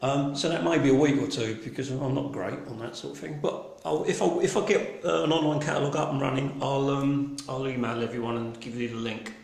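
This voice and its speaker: With hardly any pauses, this man speaks briskly in a steady, creaky, mid-range voice, and the room echoes. He hosts a casual live-streamed gallery private view in a broad Cockney accent, rambling with lots of ums and restarts and swearing cheerfully.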